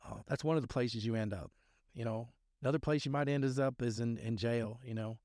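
Male podcast host, mid pitch, impassioned preacher-style rambling, dry room. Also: a little fast, a little mellow, dry recording. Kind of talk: sermon-like recovery talk.

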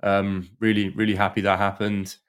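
A man's voice: fairly low pitch, level tone, moderate pace, clear, resonant tone. A man co-hosting a casual podcast, laid-back and rambling. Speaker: podcast co-host. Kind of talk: casual banter.

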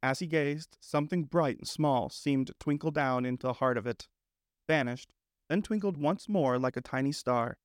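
A man narrating a classic storybook in a measured, gentle, unhurried manner. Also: mid-range voice, dry recording. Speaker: audiobook narrator.

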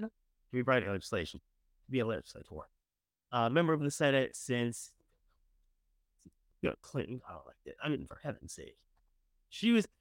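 A man's voice: mid-range voice, gravelly, no echo. A man hosting a morning talk show, giving blunt, profane opinions in a casual style. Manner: blunt, profane, swings from scornful to gushing.

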